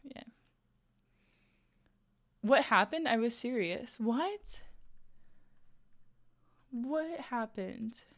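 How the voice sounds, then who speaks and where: A woman livestreaming as she crochets, talking with her chat in a relaxed, playful way. Her voice sits a little high, and she laughs often as she reads out and answers viewers' messages. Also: extremely slow, pauses often. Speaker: streamer. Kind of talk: casual stream chat while crocheting.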